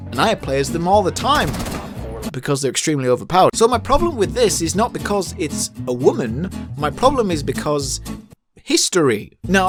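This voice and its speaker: A man delivering a scripted, sarcastic gaming commentary, firing off rhetorical questions one after another. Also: high-pitched. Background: background music.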